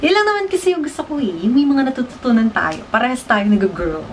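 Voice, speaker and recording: A woman's voice: fairly high pitch, expressive, fast, slight background noise, poor audio. A woman from the Philippines with a Filipino accent, chatting casually as she teaches slang in a vlog, slipping Tagalog into her English and giggling often.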